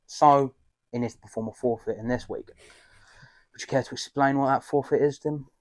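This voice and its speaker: A young man talks fast in brash, slangy banter as a podcast co-host. His delivery is quick and the sound is dry. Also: medium pitch, fairly even intonation, no room sound. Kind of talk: casual chat.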